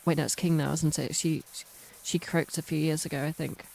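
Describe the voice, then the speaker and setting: Low-voiced chatty British woman. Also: flat delivery, fairly quick, creaky, a little mellow. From United Kingdom. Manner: chatty, rambling tangents, self-mocking. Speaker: streamer. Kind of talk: casual chat while playing a game.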